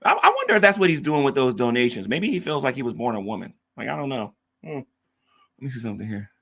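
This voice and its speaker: A man's voice: medium pitch, sing-song, quick pace, gravelly, a bit bright. A man hosting a live stream, mocking and arguing with chat commenters in a casual rant. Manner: mocking, combative, reads chat aloud.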